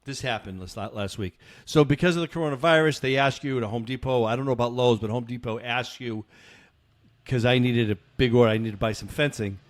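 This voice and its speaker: Talking a little fast in a medium-pitched voice, a middle-aged podcast co-host tells stories casually and animatedly, acting out the dialogue of those involved.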